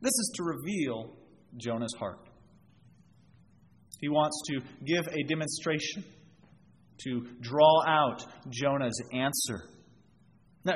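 A man preaching a sermon, explaining scripture verse by verse and drawing out everyday examples. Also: medium pitch. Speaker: pastor. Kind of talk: expository sermon. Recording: long reverb, faint background noise.

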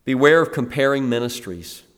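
Brief: middle-aged man, pastor, conversational sermon delivery, mid pitch, long church-hall reverb. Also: normal speed, clean tone. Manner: conversational, acts out the scene in lively quoted asides. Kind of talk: expository sermon.

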